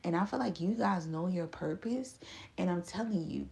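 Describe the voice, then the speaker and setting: A woman, talking straight to her listeners in a casual, profane motivational monologue, laughing often and swinging between slow drawn-out phrases and quick bursts. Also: lowish voice, gravelly, mellow. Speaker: spiritual reader.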